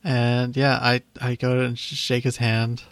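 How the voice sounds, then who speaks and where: A man's voice: medium pitch, completely flat delivery, measured pace, clear, resonant tone, dry recording. A man playing a tabletop game, speaking hesitantly with restarts. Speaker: player.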